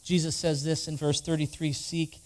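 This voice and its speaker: A man's voice: a little high, level tone, normal speed, darkish tone. A man preaching a sermon, reading scripture aloud and leading the congregation in spoken responses. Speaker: pastor.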